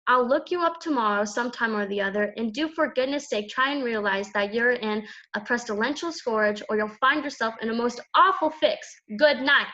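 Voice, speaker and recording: A woman's voice: a little high, pushed and bright. A woman reading the end of a children's story aloud. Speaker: story reader. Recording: dull lo-fi recording.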